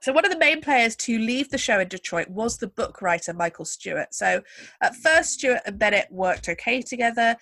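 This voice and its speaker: A woman's voice: medium pitch, fairly bright tone, no echo. Woman, podcast host, wry storyteller, dry close recording. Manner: chatty, wry storyteller with asides. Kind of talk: casual chat.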